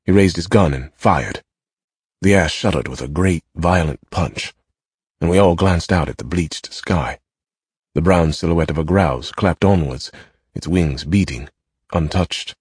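Deep, husky male audiobook narrator. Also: no room sound, studio quality. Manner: measured, expressive storytelling. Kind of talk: scripted narration.

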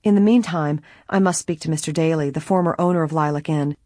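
A woman's voice: deep voice, quick pace, mellow, no room sound, studio quality. A woman reading a worried young bride running an inn. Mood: polite. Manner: earnest, confiding.

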